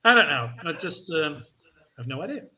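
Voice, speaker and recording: A man's voice: fairly high pitch, very animated, moderate pace, pushed and bright. A man chatting on a livestream, hesitant and full of ums. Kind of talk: casual livestream chat.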